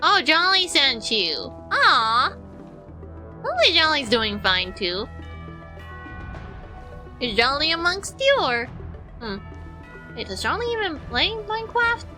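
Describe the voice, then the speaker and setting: A woman streaming a game with a high, bright, tense voice. She chats playfully and rambles from one aside to the next, her pitch leaping around. Soft music plays underneath. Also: big pitch swings, takes it slowly, long pauses. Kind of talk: casual chat while playing.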